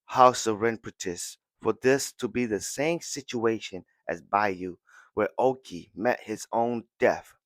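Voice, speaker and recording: A man voicing a calm cunning strategist. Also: lowish voice, unhurried, no echo, close to an everyday voice. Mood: cold.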